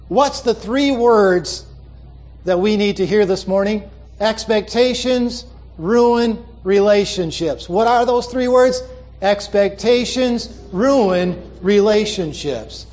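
High-pitched pastor guy preaching, reads out letters and comments dryly. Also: lively intonation, measured pace, darkish tone. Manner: preaching with repeated call-and-response phrases. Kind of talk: sermon.

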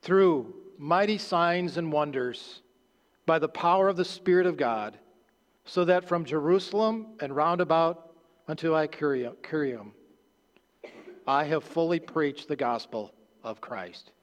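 Earnest preaching man in reverberant hall. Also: animated. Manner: earnest, halting with repeated restarts, drops low at phrase ends. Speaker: pastor. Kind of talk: sermon. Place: church sanctuary.

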